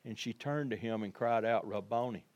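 A male pastor preaching a sermon, telling the story vividly and addressing his congregation, moving between quiet passages and loud emphasis. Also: mid-range voice, normal speed, lo-fi sound. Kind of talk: Easter sermon.

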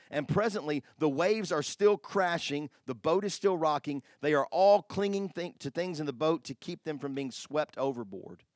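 Animated man preaching a sermon. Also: fairly high pitch, dry recording, studio quality. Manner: animated, swings from hushed to loud exclamations. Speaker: pastor.

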